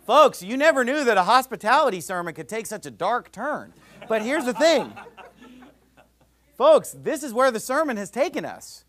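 A man's voice: very high-pitched, sing-song, normal speed, a bit bright. A man preaching a sermon in a heated, combative, ranting manner. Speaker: pastor.

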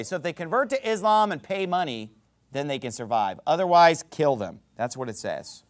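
A man delivers a heated sermon from the pulpit in a high voice. His pitch leaps and plunges as he drives his points home, and he often rises to a shout. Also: very animated, normal speed. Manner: impassioned, rising to shouts; says he is worked up. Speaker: pastor. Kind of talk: fiery sermon.

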